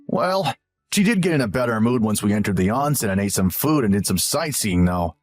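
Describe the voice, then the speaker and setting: A man's voice: on the low side, lively intonation, fairly quick, soft background music, close to an everyday voice. A man voicing a selfish, arrogant young husband who scolds and talks down to his wife. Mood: condescending. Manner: condescending, whiny and scolding. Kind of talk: scripted story narration.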